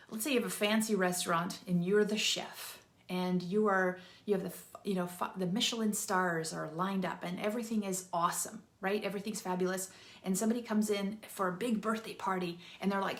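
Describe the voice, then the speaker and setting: A woman hosting her own channel, giving casual advice straight to camera in a chatty, animated way and acting out the voices of people she quotes. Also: mid-range voice, echoey room. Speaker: channel host.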